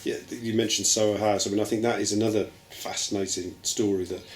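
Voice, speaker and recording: The interviewee, a low-voiced television writer from Birmingham, England, talks a little fast with little pitch movement. His answers are reflective and thoughtful, hedged with "I mean" and "I think," and the echoey room carries faint ambient noise.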